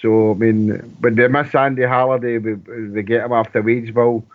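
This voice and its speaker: A man's voice: medium pitch, level tone. Scottish man on a tinny phone line. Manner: rambling, halting with many restarts. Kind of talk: casual football chat.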